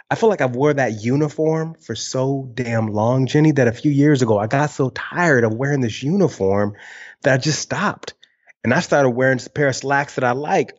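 A man's voice: medium pitch, muffled recording. A man in his early forties from Michigan with a Michigan twang, talking frankly as a guest on a video call and swearing now and then. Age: early 40s. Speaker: guest, speaker and former TV host. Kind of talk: casual conversational interview.

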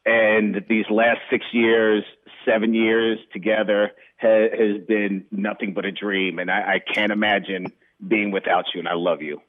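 Casting: earnest male caller from Ohio, halting and heartfelt, over a tinny phone line. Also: fairly low pitch, flat delivery. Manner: earnest, halting, repeats words. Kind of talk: phoned-in dedication.

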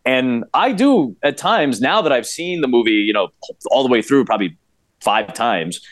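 A man talks with eager enthusiasm in a casual podcast chat, often restarting his sentences as he goes. His voice sits in a middle pitch. The recording is dry and close, with no room sound. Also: expressive, no echo. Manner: enthusiastic, many quick restarts. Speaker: podcast guest, play-by-play broadcaster.

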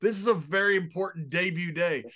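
Bright-voiced male podcast co-host. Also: high-pitched, fairly quick. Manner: tells anecdotes with chuckles. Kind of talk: casual chat.

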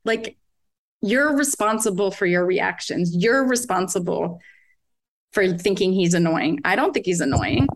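A woman's voice: on the low side, lively intonation, measured pace. A woman in her forties, a guest on a podcast interview, talking candidly about raising her kids, often laughing and quoting what she tells them. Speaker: guest, parent of several children.

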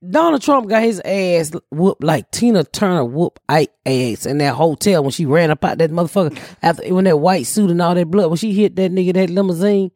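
A woman's voice: on the low side, a little fast, few pauses, darkish tone, no room sound, studio quality. A middle-aged woman hosting a podcast, telling stories in casual banter with a brash, profane, boisterous manner. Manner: brash, profane, boisterous storytelling with frequent laughter. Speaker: podcast host.

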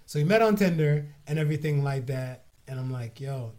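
A man hosting a podcast, telling stories in casual chat, with a naturally high voice and frequent laughter. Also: fairly quick. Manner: laughs often, animated storytelling. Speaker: podcast host.

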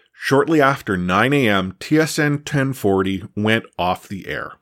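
Indignant man on a podcast. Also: medium pitch. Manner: impassioned and indignant, with stammered restarts. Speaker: podcast host. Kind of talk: opinion commentary.

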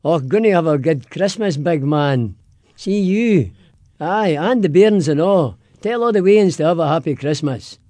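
A man's voice: a little high, lively intonation, measured pace, mellow, no echo. A man voicing a hearty Glaswegian man giving holiday greetings in a broad Glaswegian accent. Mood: jovial.

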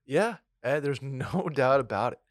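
A man's voice: medium pitch, expressive, measured pace, no echo, studio quality. A man co-hosting a sports podcast, talking casually with many restarts, jokes and swearing. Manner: rambling, restarts, swears, jokey. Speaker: podcast co-host.

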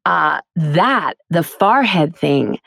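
A woman's voice: sits low, drawn-out words, creaky, no room sound, clean studio sound. A middle-aged woman from Queens with a faint New York accent, a voice actor and teacher telling stories in a casual interview and laughing often. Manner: chatty, animated storyteller, laughs often.

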